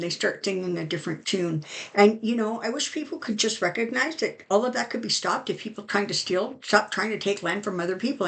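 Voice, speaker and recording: Her voice is gravelly and medium-pitched: a middle-aged tarot reader doing casual channel talk over a card reading. She's chatty and opinionated, with lots of fillers.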